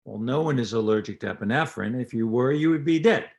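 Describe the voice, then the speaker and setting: A man's voice: medium pitch, quick pace, gravelly, darkish tone. Older man, dentist-lecturer, anecdotal storytelling, plays out quoted dialogue, interview talk.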